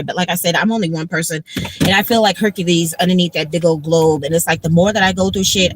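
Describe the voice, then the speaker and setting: A woman's voice: fairly low pitch, background noise. A woman hosting a casual livestream from her car, venting emotionally and bluntly with lots of filler words and swearing. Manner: emotional, rambling, heavy filler "like"; blunt and profane. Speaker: livestream host. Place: in a moving car.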